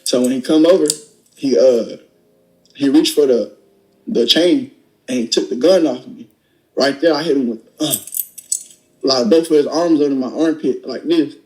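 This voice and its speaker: A young man with a mid-pitched voice recounts events in a loose, conversational way. He lurches into acted-out dialogue and talks bluntly, with plenty of profanity. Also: moderate pace, long pauses, rough recording. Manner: animated, acts out dialogue with profanity. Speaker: storyteller recounting a robbery. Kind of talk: casual retelling.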